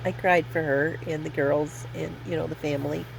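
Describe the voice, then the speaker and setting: A woman's voice: low-pitched, fairly even intonation, moderate pace, gravelly, noisy background. A woman in her fifties telling rambling personal stories in a casual vlog, self-deprecating and laughing often. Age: 50s. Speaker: vlogger.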